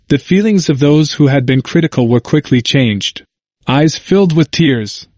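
A man reading a historical book aloud in a measured, even narration. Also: on the high side, no echo, clean studio sound. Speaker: audiobook reader.

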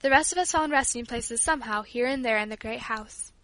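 High, bright woman reading a story. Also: brisk, dry recording. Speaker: audiobook reader. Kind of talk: scripted narration.

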